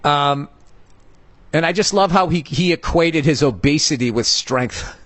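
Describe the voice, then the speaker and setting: A middle-aged man from the United States hosting a podcast, telling a story as a comedic rant, profane, heated and animated. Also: fairly high pitch, measured pace, no room sound. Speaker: podcast host.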